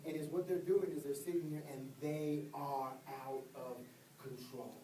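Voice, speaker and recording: An older man preaching an impassioned sermon as an evangelist, swinging between loud outbursts and hushed low tones. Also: steady tone, a little slow, a little hiss or hum. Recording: echoey church, distant mic.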